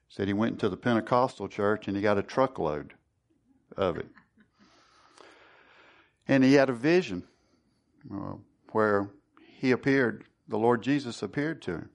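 A man's voice: on the low side, measured pace, creaky, long pauses. A man leading a Bible study sermon, earnest and conversational, who often restarts and repeats words. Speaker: Bible teacher.

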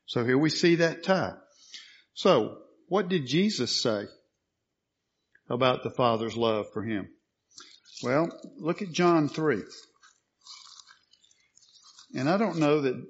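Male preacher, mid-pitched, emphatic sermon style, asks and answers his own questions; dull lo-fi sound. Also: animated, unhurried, husky.

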